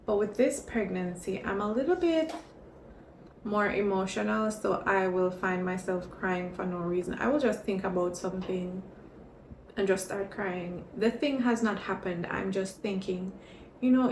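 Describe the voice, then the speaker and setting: A woman talks in a casual vlog, her voice carrying a gravelly edge. She tells her stories in an expressive, chatty way. The recording has an echoey room sound with a faint hiss behind her. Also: medium pitch, measured pace. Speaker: vlogger. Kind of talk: casual pregnancy vlog chat.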